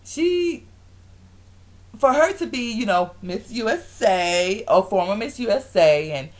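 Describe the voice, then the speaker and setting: A woman's voice: medium pitch, moderate pace. A woman giving a casual vlog recap, acting out quotes in different voices. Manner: animated storytelling, acting out quotes in different voices, frequent laughs. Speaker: vlogger reviewing a reality show.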